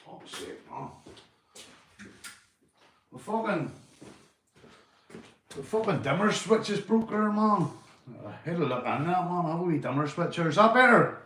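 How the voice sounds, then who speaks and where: A Northern Irish man live-streaming from home, chatting casually, swearing and giving shout-outs to his viewers. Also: high-pitched, very animated, unhurried, pauses often, roomy sound, slight background noise. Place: indoors at home.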